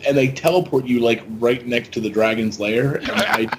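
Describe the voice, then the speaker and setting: Excitable stammering podcast man. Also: medium pitch, normal speed, background noise. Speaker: podcast co-host. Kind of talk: casual chat.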